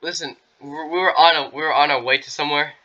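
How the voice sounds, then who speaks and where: A woman's voice: low-pitched, fairly even intonation, fast talker, bright, forceful tone, muffled recording. A woman playing a computer game with friends, talking in an eager, urgent way. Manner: eager, urgent, keeps pushing on. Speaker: game player. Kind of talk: casual gaming role-play chat.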